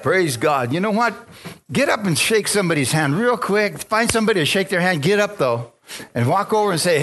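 Male pastor, slightly high voice, lively call-and-response sermon in a church. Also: a little fast, soft background music. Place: church sanctuary.

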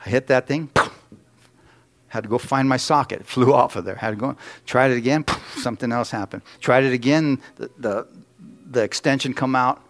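A man's voice: medium pitch, moderate pace. Folksy male preacher telling stories. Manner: folksy storytelling, asks the congregation questions. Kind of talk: sermon with personal stories.

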